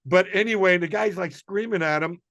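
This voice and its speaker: An older male comedian telling a rambling, animated anecdote on a podcast. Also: sits high, fairly quick, no echo, clean studio sound. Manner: rambling, animated storytelling with restarts and acted quotes. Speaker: guest comedian.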